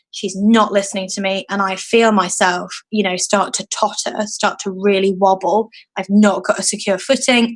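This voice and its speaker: A British woman in her thirties, a guest activist in a podcast interview, telling stories in an animated way and acting out the people she quotes. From United Kingdom. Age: 30s. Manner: animated storyteller, acting out quoted voices with big pitch jumps.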